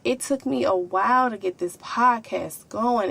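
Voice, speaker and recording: A woman's voice: on the high side, normal speed, vocal fry, hardly any pauses, a bit bright. A young woman hosting a podcast, signing off in heartfelt, slangy casual talk. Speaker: podcast host.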